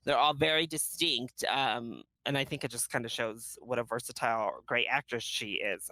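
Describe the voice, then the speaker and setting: A man's voice: medium pitch, sharp tone, no echo, poor audio. A man co-hosting a casual film review podcast, enthusiastic and laughing mid-sentence. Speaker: podcast co-host.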